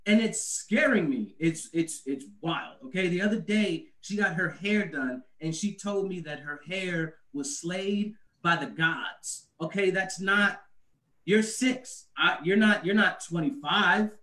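High-voiced man doing stand-up in an echoey room. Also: a little slow, far from the mic. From US Northeast. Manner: conversational, animated, laughs at own jokes. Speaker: stand-up comedian. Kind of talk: stand-up comedy set about parenting. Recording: echoey room, away from the mic.

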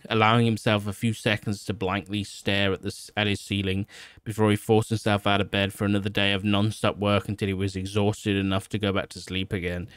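A man streaming, reading fan fiction aloud in a steady manner with small slips and restarts. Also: lowish voice, smooth, no room sound.

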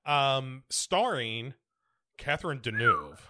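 A man's voice: mid-range voice, expressive, slow pace, sharp tone. An American man co-hosting a podcast, chatting casually and rambling with many fillers and restarts. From United States. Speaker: podcast co-host. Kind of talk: casual chat.

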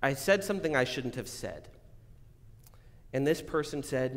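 A man preaching a sermon as pastor, earnest, swinging between emphatic declarations and quiet reflective asides. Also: medium pitch, expressive, unhurried. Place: church sanctuary. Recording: long reverb of a church hall.

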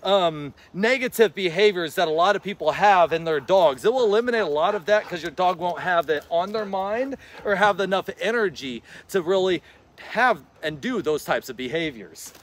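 A man vlogging outdoors while he plays fetch with his dog. He gives casual, rambling advice to his viewers and calls out to the dog in an excited, encouraging voice. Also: high-pitched, moderate pace, slight background noise. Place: outdoors, in a yard.

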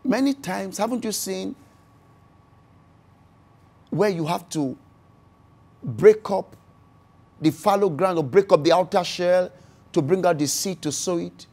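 A pastor preaching a sermon, acting out scripture scenes and repeating key phrases, swinging from loud bursts to hushed lines. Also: medium pitch, measured pace, pauses often.

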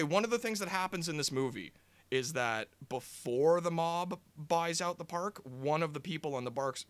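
A young man ranting casually about a film he reviews, animated and exasperated, swearing often and full of fillers. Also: on the high side. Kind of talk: casual movie-review rant.

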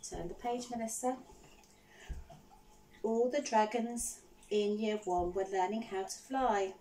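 A woman teacher reading a picture book aloud to children, animated and often stopping to ask them questions. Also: medium pitch, takes it slowly, far from the mic, slight background noise, low-quality recording. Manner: animated, asks the listeners questions.

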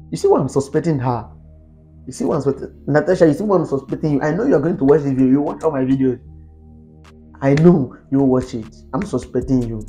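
A Nigerian man tells a storytime to his viewers with lots of animated, exasperated outbursts. His tone is mellow and fairly dark. Soft background music plays faintly under his voice. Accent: Nigerian English. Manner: animated and exasperated, pitch jumping up on exclamations. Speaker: vlogger. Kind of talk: storytime monologue to camera.

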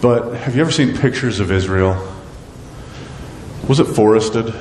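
A man preaching a sermon as pastor, animated and asking his congregation rhetorical questions. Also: mid-range voice, unhurried, a little hiss or hum. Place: church sanctuary. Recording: echoey church hall with long reverb.

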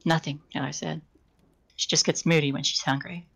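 On a live stream, a woman casually reads a novel aloud, shifting her voice slightly for each character and now and then stumbling and starting over. Her voice sits low with fairly even intonation and a normal pace, carrying vocal fry and a somewhat bright, slightly rough quality. The audio quality is poor.

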